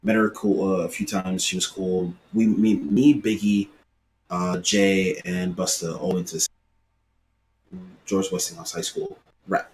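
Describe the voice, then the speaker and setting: A man in his late thirties from Brooklyn with a New York accent, chatting casually on a podcast and telling animated street stories. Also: sits low, a little slow, a little hiss or hum. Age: late 30s. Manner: storytelling, animated, swears casually. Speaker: podcast co-host.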